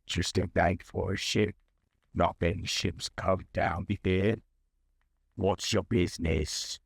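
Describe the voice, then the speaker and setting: Brief: man playing a deep-voiced, stammering lanternfish dockmaster, slow and businesslike. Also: steady tone, vocal fry, slightly rough, no room sound, full character voice. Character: small fanged male lanternfish dockmaster.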